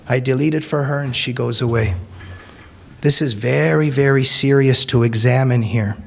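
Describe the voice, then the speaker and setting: A man's voice: medium pitch, moderate pace, creaky. Earnest man lecturing an audience. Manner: earnest, emphatic, repeats key phrases. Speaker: author giving a talk. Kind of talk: public talk to an audience. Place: meeting room with an audience.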